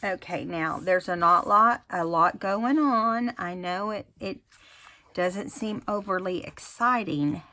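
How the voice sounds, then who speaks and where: A woman's voice: medium pitch, slow pace, bright, forceful tone. A woman talking casually through a craft tutorial, thinking aloud as she works. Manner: chatty, thinks aloud while working. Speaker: craft vlogger.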